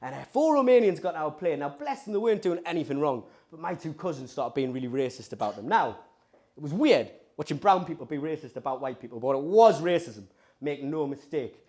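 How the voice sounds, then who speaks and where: A male stand-up comedian with a Geordie accent works the audience in a chatty, provocative manner. His voice sits fairly high and moves animatedly up and down. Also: brisk. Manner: lively, provocative, conversational.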